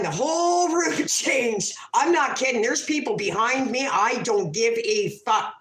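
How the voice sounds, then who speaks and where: Brash Canadian woman telling stories. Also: medium pitch. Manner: brash, profane, animated storyteller. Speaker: livestream host. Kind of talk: casual storytelling livestream. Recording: echoey room.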